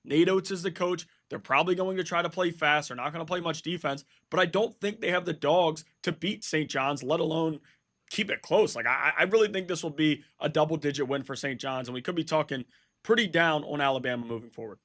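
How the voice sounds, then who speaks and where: A man's voice: a little high, brisk, a bit bright. A man hosting a sports betting show, laying out a pick with stats in an earnest, insistent way and repeating himself for emphasis.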